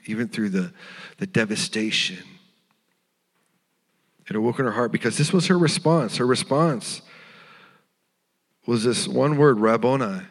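A man preaching a sermon as pastor, earnest and tender, sometimes dropping to a hushed voice. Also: lowish voice, long reverb tail. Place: church sanctuary.

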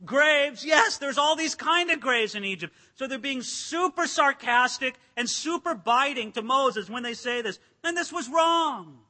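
A pastor preaching a sermon in an emphatic, dramatic way, acting out quotes and rising to shouts. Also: male voice, very high voice, animated, unhurried, hardly any pauses. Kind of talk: expository sermon. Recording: long hall reverb.

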